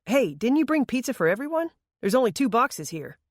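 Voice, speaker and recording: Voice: mid-range voice, big pitch swings, a little fast, no room sound, clean studio sound, pitched above the performer's own voice. A narrator voicing a cocky, joking teenage boy in an audiobook.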